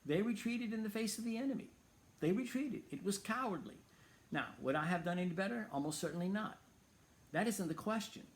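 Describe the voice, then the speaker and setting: Earnest high-voiced male talk host. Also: animated, brisk. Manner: earnest, emphatic, thinks aloud. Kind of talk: Christian commentary talk.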